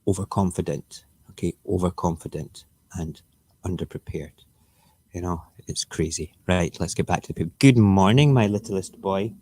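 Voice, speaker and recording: A man's voice: low-pitched, a little mellow, slightly rough, no room sound. A man who hosts a casual morning live stream, ranting emphatically and sarcastically. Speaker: live-stream show host.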